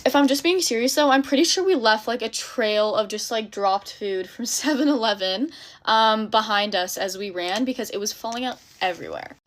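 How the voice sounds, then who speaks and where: A woman's voice: fairly high pitch, moderate pace. A young woman vlogger talking casually through a get-ready-with-me storytime, chatty and upbeat. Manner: chatty, upbeat, lots of fillers.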